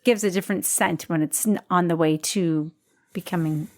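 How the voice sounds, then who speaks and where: A woman's voice: lowish voice, normal speed. A woman co-hosting a podcast, chatting casually about wine with lots of filler words. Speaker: podcast co-host. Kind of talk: casual wine-tasting chat.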